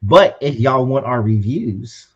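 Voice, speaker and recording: In a husky mid-range voice with lively intonation, a man co-hosts a relaxed motivational podcast, talking slowly. Upbeat and preachy, he keeps tacking on "right?" and "you know what I'm saying," and the audio has a lo-fi quality.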